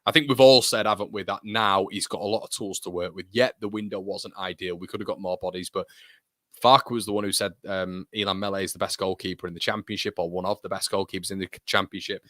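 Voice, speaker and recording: A British man in his thirties talks in a loose, rambling way, answering viewers as a match plays along. His voice sits very low, and the sound is close and dry with no room to it. He laughs often between thoughts. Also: steady tone, fast, fairly bright tone, no echo. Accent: British English. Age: 30s. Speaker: football fan channel host. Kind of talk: casual live match watchalong chat.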